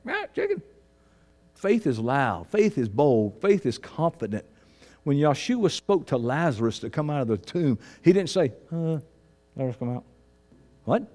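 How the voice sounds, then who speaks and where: A male pastor preaching a sermon, swinging between fervent shouts and low, hushed emphasis. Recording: long reverb of a large hall.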